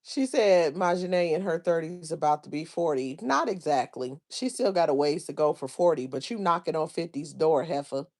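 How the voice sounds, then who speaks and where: Woman on a live stream spilling tea, low voice, drawly and gossipy. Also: normal speed, few pauses, a little mellow. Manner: gossipy, drawling, reads chat comments aloud. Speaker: livestream host. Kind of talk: casual commentary on online drama.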